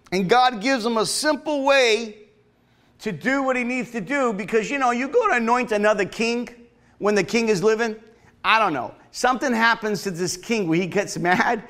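Pastor guy preaching in church, kinda high voice, chatty, gets the crowd to say amen. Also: fairly bright tone. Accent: regional accent. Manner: conversational preaching with call-and-response. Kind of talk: sermon. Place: church sanctuary.

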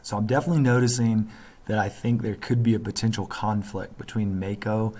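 Low-voiced man reading a story to a class. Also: a little fast. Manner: steady narration with thinking-aloud asides. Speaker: teacher reading aloud. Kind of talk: classroom read-aloud.

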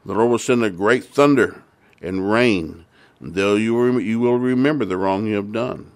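A man's voice: on the low side, moderate pace, dry recording, lightly acted. A man playing a solemn aging prophet.

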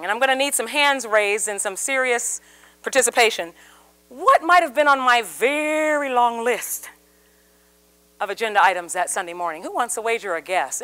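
A woman giving a live seminar talk to an audience, telling a story and acting out the voices in it. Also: on the high side. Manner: animated storyteller, acts out quoted voices. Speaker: communication speaker.

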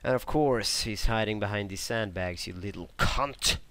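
A man giving casual live commentary over his own online shooter match, swearing, grumbling in frustration and breaking into excitable outbursts. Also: lowish voice, normal speed. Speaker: gameplay commentator.

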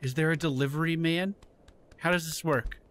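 A gaming YouTuber with a fairly high, bright voice and fairly even intonation does playful let's-play commentary at a moderate pace, chatting with game characters and laughing along. Faint game music and slight noise sit in the background.

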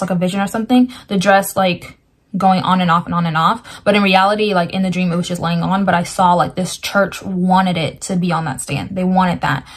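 Woman in the middle of the pitch range, casually retelling a dream and earnestly interpreting it, with loose, filler-heavy delivery. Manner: rambling, lots of "like" fillers. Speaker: Christian dream sharer.

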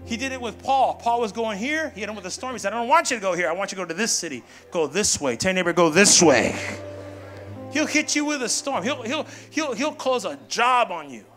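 A man's voice: very high-pitched, animated, quick pace, few pauses, pushed and bright. A man preaching as pastor, punchy and playful, calling out to the congregation. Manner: call-and-response, punchy, playful asides. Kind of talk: preaching sermon. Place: church sanctuary. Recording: music behind.

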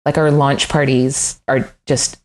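A woman's voice: extremely low pitch, level tone, slow. A middle-aged woman, a furniture designer, chatting candidly in an interview, self-deprecating and often laughing. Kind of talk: casual interview chat.

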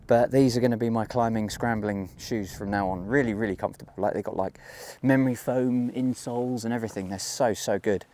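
Hiking a mountain trail outdoors, a man talks casually to the camera, thinking aloud and joking at his own expense in a chatty walking vlog. His lowish voice is warm and steady, a little fast with hardly any pauses, over slight background noise.

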